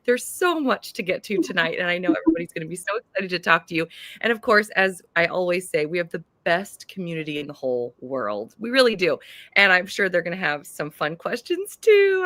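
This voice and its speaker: A woman's voice: medium pitch, fairly bright tone, dry recording. Bubbly American woman hosting a live show. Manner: bubbly, gushing, exclamatory. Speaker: host. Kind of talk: live-stream author interview.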